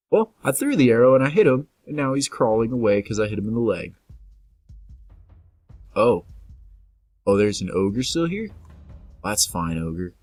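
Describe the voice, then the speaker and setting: Playful low-voiced man narrating gameplay. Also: sing-song, moderate pace, long pauses, a little mellow. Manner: playful, talks to enemies, reads game text aloud. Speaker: gameplay commentator. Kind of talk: casual let's-play commentary. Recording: faint game music behind.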